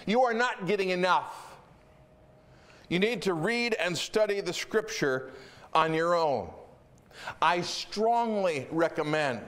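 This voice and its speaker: A middle-aged man preaching a sermon as pastor, telling stories in an animated, emphatic way. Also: sits high.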